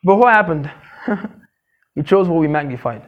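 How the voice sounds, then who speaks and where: A man preaching a sermon, emphatic and repetitive, asking his listeners questions and now and then mocking gossip in a squeaky voice. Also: expressive, moderate pace, lo-fi sound. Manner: emphatic, repeats key phrases, asks the congregation questions. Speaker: pastor.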